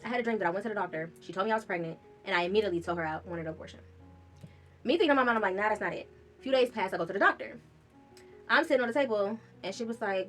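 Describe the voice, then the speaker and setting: Brief: woman vlogger, candid first-person storytelling, frank and loose, average pitch. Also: very fast, a bit bright, faint music behind. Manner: candid, casual, swears freely.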